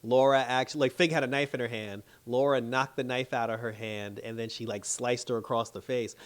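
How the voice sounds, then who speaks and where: A man's voice: medium pitch, fairly even intonation, fairly quick. A man giving a casual, slangy recap of a TV episode as a reviewer, full of "like" and "you know" and laughing often. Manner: loose, chatty retelling full of "like" and "you know". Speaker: TV show reviewer.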